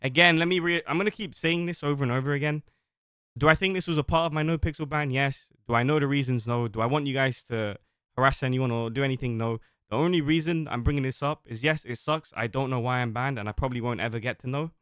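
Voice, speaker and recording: A man's voice: mid-range voice, fast, a bit bright, smooth, no echo, clean studio sound. A man streaming live, reading out text messages and commenting on them in a blunt, casual way with plenty of swearing. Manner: casual, blunt, swears freely, thinks aloud.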